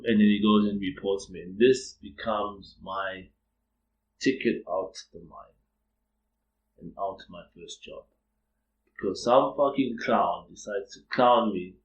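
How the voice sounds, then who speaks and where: A man's voice: fairly low pitch, dull audio. Man telling a profane story. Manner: animated, profane, laughing, repeats phrases. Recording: roomy echo.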